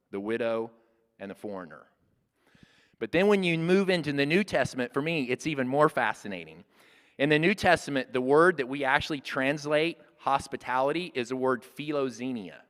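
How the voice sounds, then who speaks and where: A man's voice: medium pitch, a bit bright, smooth. A man in his sixties giving an earnest, conversational teaching talk at a church workshop, often restarting his phrases. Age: 60s. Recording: long reverb of a hall.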